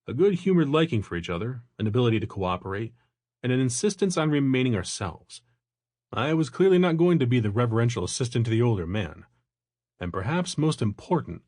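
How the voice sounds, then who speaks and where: A man narrating a nonfiction audiobook in the first person, at a measured, even pace. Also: mid-range voice, no room sound, studio quality.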